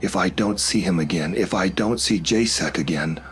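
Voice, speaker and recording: A man's voice: low-pitched, normal speed, a bit bright, slight background noise. A man voicing a shaken young woman who speaks in a shaky, urgent voice. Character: young woman, shaken, desperate, sharp-tongued.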